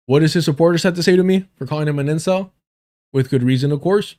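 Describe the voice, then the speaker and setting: A man's voice: fairly high pitch, fast, warm tone. A man from the United States ranting as a livestream commentator, blunt and profane, repeating lines for emphasis. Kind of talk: heated commentary rant.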